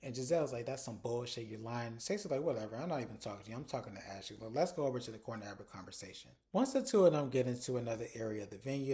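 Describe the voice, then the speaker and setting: A man recapping a reality TV episode in casual commentary, animated and profane, acting out the cast's lines in exaggerated voices. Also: medium pitch.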